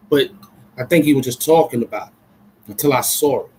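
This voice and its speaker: An adult man from Brooklyn, chatting casually on a livestream in an excitable, rambling way full of street slang. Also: medium pitch, fast talker, a little hiss or hum, low-quality recording. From Brooklyn, New York. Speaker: vlogger.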